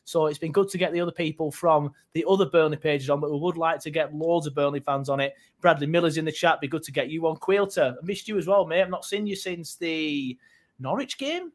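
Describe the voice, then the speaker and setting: A man's voice: a little high, brisk. A young man hosting a casual football podcast, chatty and swearing freely as he plugs the show. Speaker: podcast host.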